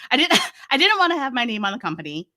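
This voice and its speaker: A woman from Massachusetts with a Massachusetts accent, chatting as an interview guest, a lively storyteller who laughs often and acts out quotes. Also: a little high, fast talker. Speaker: podcast host and guest. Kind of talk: casual interview chat.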